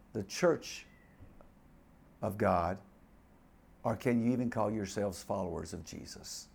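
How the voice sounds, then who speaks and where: An older man preaching and telling a story in a sermon, stammering and repeating words as he talks with animated energy. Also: lowish voice, creaky.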